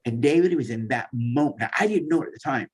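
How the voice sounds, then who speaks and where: A man's voice: mid-range voice, expressive, fast talker, slightly rough. A man, a therapist guest, sharing a heartfelt personal testimony in conversation and acting out the dialogue as he tells it. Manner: heartfelt storytelling, acts out dialogue. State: tearful at times.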